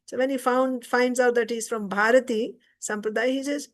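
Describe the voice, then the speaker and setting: High pitched lady teaching scripture class, chatty storytelling, stops to explain stuff. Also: steady tone, normal speed, hardly any pauses. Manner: retells the story conversationally, stopping to explain. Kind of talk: informal scripture class lecture.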